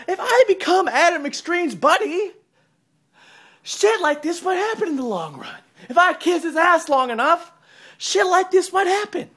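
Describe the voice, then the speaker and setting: An online wrestling promo host delivers a profane, wrestling-style rant, taunting and mocking as he swings between loud jeers and low mutters.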